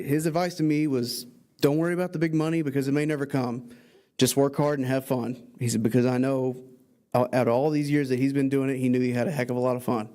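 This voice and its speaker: Man presenter, brisk tribute, dark mellow tone, quick. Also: medium pitch. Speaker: presenter honoring an inductee. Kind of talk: tribute speech. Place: banquet hall.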